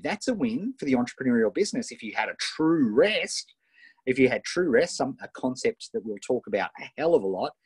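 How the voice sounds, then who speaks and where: A middle-aged Australian man coaching entrepreneurs on a live webinar, energetic and encouraging, often ending points with "right?", recorded on a tablet mic. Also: mid-range voice, slightly rough, dry recording. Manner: energetic, tag questions, reads out students' wins. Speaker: online business coach. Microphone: iPad Pro built-in mic.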